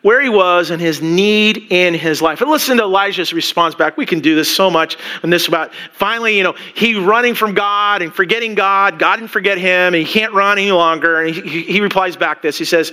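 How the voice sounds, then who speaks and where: A man's voice: high-pitched, a little fast, few pauses, sharp tone, clear, resonant tone. A man preaching a sermon as pastor, speaking emphatically and repeating words as he builds momentum.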